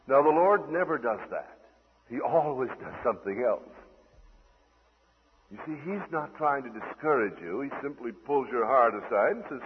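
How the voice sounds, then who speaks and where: A male preacher delivers a sermon with a husky voice, rising to loud declaiming and dropping to hushed, tender asides. His voice comes through a thin, phone-like old radio broadcast with a long hall reverb trailing behind him. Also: medium pitch, lively intonation, normal speed.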